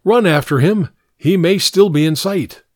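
A man's voice: high-pitched, a little slow, darkish tone, dry recording, pitched above the performer's own voice. Man reading as a doctor, cold, proud, nervous, clipped and stiff, dry close sound. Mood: brisk.

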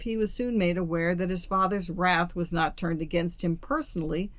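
A woman reading a classic story aloud as an audiobook narrator, in a steady, measured way. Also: on the low side, no echo. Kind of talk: scripted narration.

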